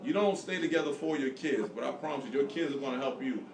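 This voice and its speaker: A man hosting a podcast, telling a family story in a fast, animated casual chat. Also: mid-range voice, echoey room, distant mic, slight background noise. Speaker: podcast host.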